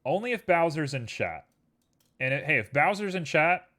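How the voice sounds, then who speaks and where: A man's voice: on the high side, big pitch swings, normal speed, bright, forceful tone. A man streaming live, chatting casually with his viewers in a playful, joking way while he works. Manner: playful, jokey, rambling asides to chat. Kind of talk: casual chat while working.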